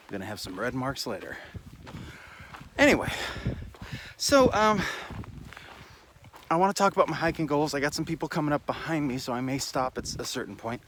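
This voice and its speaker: A man's voice: medium pitch, animated, a little fast, pauses often, fairly bright tone, a little hiss or hum. A tired, slightly winded man talking casually to his camera while hiking outdoors on a trail, rambling and self-deprecating, with the odd swear word. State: tired and out of breath. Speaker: hiking vlogger. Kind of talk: casual walking vlog. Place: outdoors on a desert mountain trail. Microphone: handheld camera while walking.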